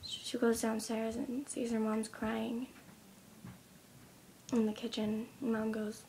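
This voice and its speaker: A young woman in her teens retelling a story in a casual vlog, speaking softly and often near a whisper, with many ums. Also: fairly high pitch, flat delivery, slow pace, gravelly, a little hiss or hum. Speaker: vlogger.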